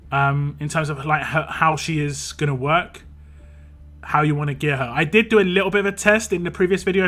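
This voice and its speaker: A man's voice: a little high, a bit bright. A man casually streaming a mobile game, reading viewer comments aloud in a playful sing-song and chatting about characters.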